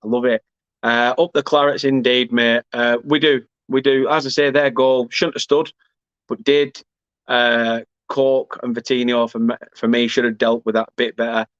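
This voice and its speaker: A man's voice: mid-range voice, little pitch movement, moderate pace, a bit bright, no echo, highs cut off. A man hosts a football fan watchalong, reading viewer comments aloud and chatting casually in a rambling, self-deprecating way.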